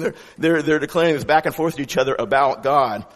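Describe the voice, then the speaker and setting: A man giving a sermon as pastor, with a conversational, animated delivery and frequent restarts. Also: medium pitch, quick pace, long reverb tail.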